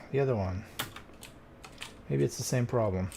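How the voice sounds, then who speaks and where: A man mutters his way through a cleaning game, exasperated and talking straight at the screen. His voice sits mid-range with a gravelly edge. A faint hiss runs under the home desk recording. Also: mid-range voice, normal speed, mellow. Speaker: streamer playing a cleaning game. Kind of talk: casual gameplay commentary.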